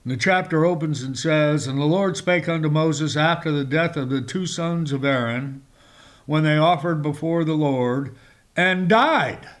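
Male preacher, slow and emphatic, fairly high voice, reads scripture between remarks. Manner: slow, emphatic delivery with sudden rises in pitch; reads scripture in old-fashioned wording. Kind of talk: sermon with scripture reading.

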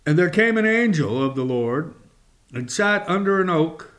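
A man's voice: a little high, expressive, fairly bright tone. A man preaching a sermon, reading scripture aloud and explaining it with dramatic emphasis, at times dropping to a whisper. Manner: slow and deliberate.

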